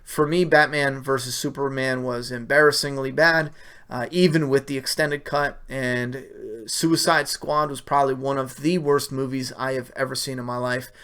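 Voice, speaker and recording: Man, casual livestream host, opinionated, profane, filler-heavy, middle pitch. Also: steady tone, moderate pace, fairly bright tone. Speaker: livestream host answering viewer questions. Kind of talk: casual live-stream chat.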